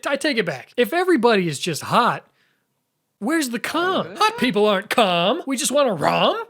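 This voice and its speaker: A man's voice: very high-pitched, big pitch swings, moderate pace, a bit bright. A young man hosting a comedic commentary video, talking straight to the viewer in a sarcastic, jokey way. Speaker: YouTube host.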